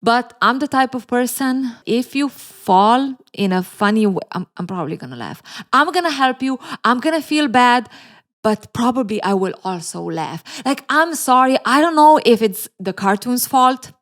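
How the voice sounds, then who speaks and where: A woman's voice: fairly high pitch, very animated, normal speed. A woman host narrating a novel's plot and adding chatty, sarcastic commentary straight to her viewers.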